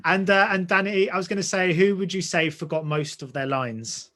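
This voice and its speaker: A man interviewing two actors, asking questions quickly and enthusiastically. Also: high-pitched, sharp tone. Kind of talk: entertainment interview.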